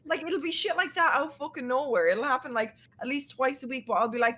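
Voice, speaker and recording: Irish woman in her twenties, casual panel chat, lively and crude storyteller, slightly high voice. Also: brisk, hardly any pauses. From Ireland. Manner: animated, profane storytelling.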